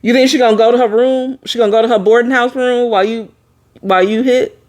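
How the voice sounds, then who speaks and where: A woman co-host who reacts loudly and bluntly in casual chat. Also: a little high, steady tone, fast. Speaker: podcast co-host.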